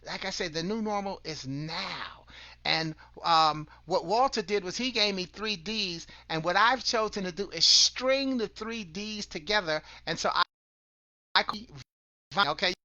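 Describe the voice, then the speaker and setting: A man's voice: high voice, unhurried, sharp tone, dry recording. A man hosting an online broadcast, giving an earnest motivational talk that draws on scripture, often repeating and restarting words and asking listeners questions.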